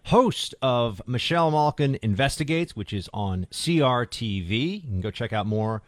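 A man's voice: mid-range voice, expressive, moderate pace, no echo, clean studio sound. Sarcastic male talk radio host. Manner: sarcastic, indignant, punchy delivery. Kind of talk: political talk radio monologue.

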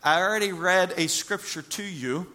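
A man preaching a sermon as pastor, animated, acting out little scenes and repeating words for emphasis. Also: high-pitched, moderate pace. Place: church.

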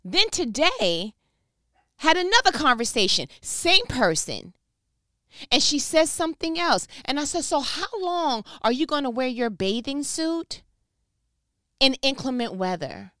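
An older woman talking at home in a casual faith-based monologue, animated and full of vivid analogies. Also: high-pitched, unhurried, no echo, studio quality. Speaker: vlogger.

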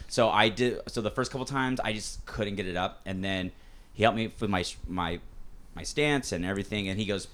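A man co-hosting a podcast in casual chat, telling rambling, animated stories with lots of fillers. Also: low-pitched, fairly quick. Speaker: podcast co-host.

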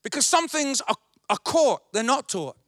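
A man's voice: extremely high pitch, very animated, normal speed, fairly bright tone, no room sound, studio quality. A male pastor preaching a sermon, emphatic and repetitive.

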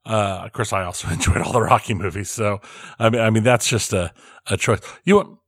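Halting man on a dry mic. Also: on the low side, breathy edge, no room sound. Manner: halting, repeats words, laughs often. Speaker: podcast co-host. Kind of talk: casual chat.

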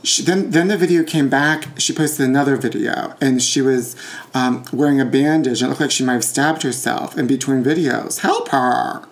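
A man's voice: mid-range voice, normal speed. Guy doing a sassy gossip podcast, reads tabloid bits, cracks himself up. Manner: reads tabloid items aloud with sassy asides and giggles. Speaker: podcast host. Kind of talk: campy gossip commentary.

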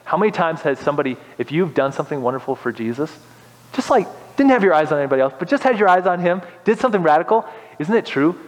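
A young male pastor preaches with animated, impassioned energy. His voice sits fairly high. Long reverb from the hall trails his words. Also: quick pace. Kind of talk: sermon.

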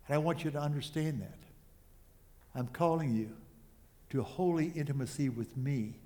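A man preaching a sermon as a pastor, earnest and pausing often with small restarts. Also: a little high, mellow.

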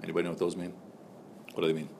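This lower-pitched teacher races along with vocal fry, keeping things joking and conversational, peppering his talk with "so" and "like" while questioning his students. A faint hiss is audible under his voice.

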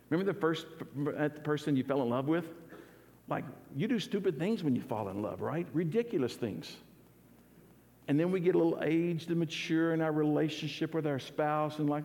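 A man's voice: fairly high pitch, fairly quick, creaky, a little mellow. A man preaching an earnest, conversational sermon as pastor, often restarting his words. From United States. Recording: church hall with long reverb.

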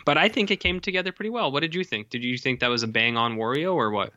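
A man's voice: mid-range voice, expressive, fast talker, pushed and bright, no echo. A man co-hosting a casual chat, rambling and joking with many fillers. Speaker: podcast co-host. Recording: dull lo-fi dry recording.

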